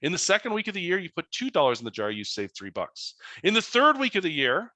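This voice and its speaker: A man's voice: high voice, fast, no room sound. A man, a financial educator telling anecdotes in an online webinar presentation. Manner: animated anecdotal storytelling.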